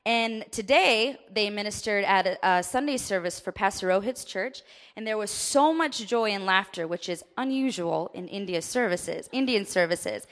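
Woman softly reading mission updates. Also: mid-range voice, lively intonation, moderate pace. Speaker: church member sharing mission updates. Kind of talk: reading news aloud.

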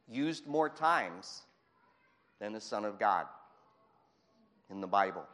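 A male preacher delivering a lively sermon. He acts out Bible scenes and chuckles between points. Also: on the low side, slow, pauses often, long reverb tail.

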